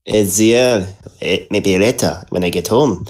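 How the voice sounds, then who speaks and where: A man's voice: fairly low pitch, a little slow, a little mellow. A Scottish man dropping into a podcast call while tipsy, bantering playfully and calling others dear. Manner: playful, mock-formal, calls others dear. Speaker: podcast regular making a cameo. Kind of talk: casual banter. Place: online voice call.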